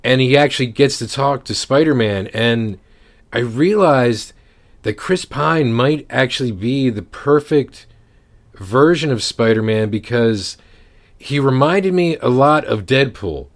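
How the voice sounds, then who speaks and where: A man's voice: mid-range voice, animated, unhurried. A man co-hosting a podcast, retelling movie scenes in a loose, rambling casual way. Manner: rambling storyteller, many restarts. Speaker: podcast co-host. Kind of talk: casual chat.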